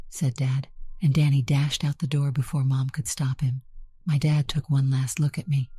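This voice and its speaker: A woman narrates a first-person story in a soft, breathy, half-whispered voice. Her tone is remarkably deep and dark, with a husky edge. Gentle music plays faintly behind her. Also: little pitch movement, normal speed. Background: soft background music.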